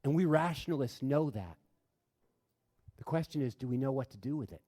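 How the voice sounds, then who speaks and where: A man giving an impassioned talk to an audience in a large room. He tells stories earnestly, building to loud, emphatic bursts and then dropping quiet. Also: medium pitch, animated, a little fast. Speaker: speaker addressing an audience. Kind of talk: impassioned public talk with storytelling. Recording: reverberant hall sound.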